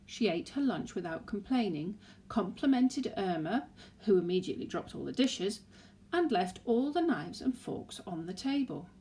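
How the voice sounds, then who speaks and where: A woman narrates a children's novel aloud. Her storytelling is expressive, and her voice sits at an ordinary mid pitch. It is a steady read-aloud. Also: moderate pace, slight background noise.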